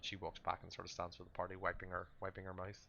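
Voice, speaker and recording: Low flat-voiced man running a tabletop game. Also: vocal fry, highs cut off, slight background noise. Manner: halting, with many fillers and restarts. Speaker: game master.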